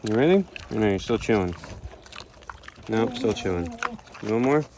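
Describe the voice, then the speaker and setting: A man's voice: fairly low pitch, animated, moderate pace. A man, chatting casually to his animals outdoors and talking to them affectionately. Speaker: animal keeper vlogger. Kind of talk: casual chat to camera. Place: outdoors among animal pens and aviaries. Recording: outdoor noise with animal sounds.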